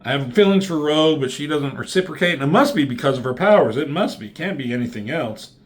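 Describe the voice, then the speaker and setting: A man's voice: fairly high pitch, animated, fast, pitched above the performer's own voice, natural voice. A man voicing a lovesick male mutant, whiny and talking himself into a theory. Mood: aggrieved. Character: lovesick male mutant pleading his case.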